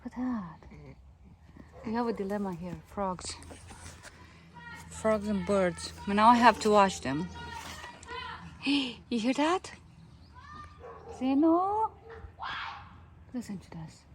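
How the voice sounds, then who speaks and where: A woman's voice: mid-range voice, expressive, slow, pauses often. A woman vlogging in her garden, coaxing and scolding her cats in casual chat. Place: garden outdoors.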